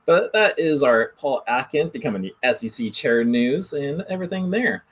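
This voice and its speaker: Man, show host, casual news commentary, husky voice, lively swings in pitch. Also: normal speed. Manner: loose, rambling, restarts when reading.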